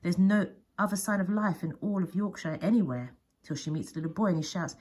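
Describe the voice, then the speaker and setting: A woman's voice: fairly low pitch, a little fast, darkish tone. A woman teacher reading a picture book aloud with expression, often dropping to a whisper. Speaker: primary school teacher.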